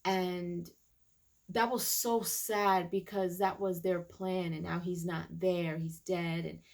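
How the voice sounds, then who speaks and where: A woman talks through a TV episode for her channel in a loose, chatty recap. She keeps reaching for "um" and "like" and restarting her sentences. Her voice sits a little low, with a gravelly edge. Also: fairly even intonation, slow, a little mellow. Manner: chatty, many fillers and restarts. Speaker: YouTube TV reviewer.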